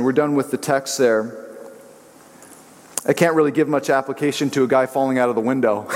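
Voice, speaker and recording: A man pastor preaching a sermon in a church, animated and joking as he tells personal stories. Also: a little high, in a large hall. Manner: animated, joking storyteller who slips into voices.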